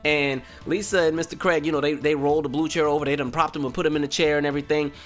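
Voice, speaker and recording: A young man hosting a podcast, telling a comic story in an animated way and acting out other people's voices. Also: fairly high pitch, very fast. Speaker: podcast host. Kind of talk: comedic storytelling. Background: faint background music.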